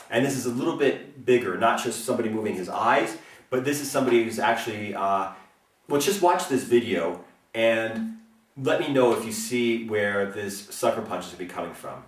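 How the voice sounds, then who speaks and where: A man's voice: fairly low pitch, animated, moderate pace, far from the mic. Man, self-defense instructor, earnest explainer, checks in often, echoey room, set back from the mic. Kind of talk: instructional talk.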